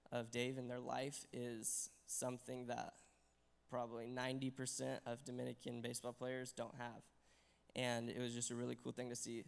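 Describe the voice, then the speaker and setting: A young man speaks in a very flat, gravelly voice as he gives a halting testimony in a chapel, restarting his sentences often. His voice trails into a long hall reverb. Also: mid-range voice. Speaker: student giving testimony.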